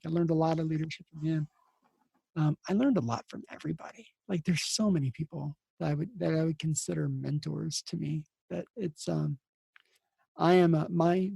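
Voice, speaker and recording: A man's voice: a little high, gravelly, mellow, no room sound. A man who hosts a podcast and works as an emergency nurse, telling stories casually and rambling with many restarts. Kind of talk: casual storytelling.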